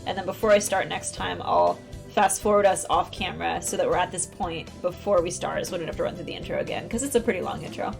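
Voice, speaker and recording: A woman's voice: lowish voice, sing-song, quick pace, gravelly, music in the background. A woman streaming a video game, chatting casually and reading the game text aloud. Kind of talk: casual let's-play commentary.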